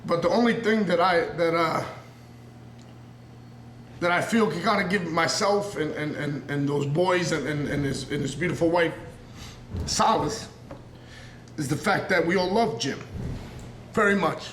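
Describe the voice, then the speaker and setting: A man's voice: on the high side, unhurried, long pauses, a bit bright, a little hiss or hum. A man in his thirties with a New York accent, a professional wrestler giving a raw, unscripted promo interview in an earnest, intense, rambling way. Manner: earnest and intense, rambling, circling back on himself. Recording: roomy echo.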